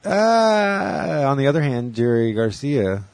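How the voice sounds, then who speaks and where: A man's voice: mid-range voice, big pitch swings, takes it slowly, vocal fry, darkish tone. A man hosting a casual chat who tells rambling stories and acts out the voices in them. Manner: rambling storyteller, acts out quotes.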